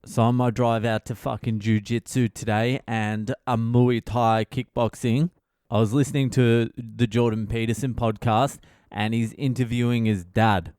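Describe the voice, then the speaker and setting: Brief: male comedian host, casual profane storyteller, mid-pitched, dry close sound. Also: level tone, normal speed, darkish tone, smooth, dry recording. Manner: profane, laid-back.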